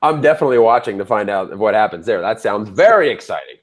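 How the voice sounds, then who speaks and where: A young adult man co-hosting a casual recap chat, animated and jokey, often putting questions to his partner. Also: fairly low pitch, fast talker. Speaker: co-host, superfan.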